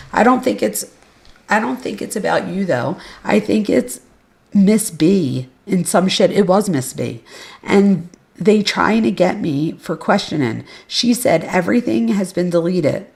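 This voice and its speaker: Gravelly low-voiced woman podcast host. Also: darkish tone. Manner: casual and blunt, with offhand asides and swearing. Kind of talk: reading case records aloud with commentary.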